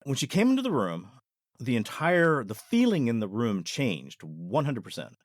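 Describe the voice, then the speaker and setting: A man, a podcast guest and former ER nurse, telling a paranormal experience in an earnest, deliberate way that takes its time. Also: medium pitch, wildly swooping pitch, dry recording.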